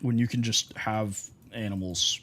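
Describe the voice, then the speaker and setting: A man's voice: lowish voice, fairly even intonation, a little slow, a bit bright. A young man from Texas, a streamer chatting casually while gaming, rambling through stories with lots of fillers. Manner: rambling storyteller, heavy on fillers.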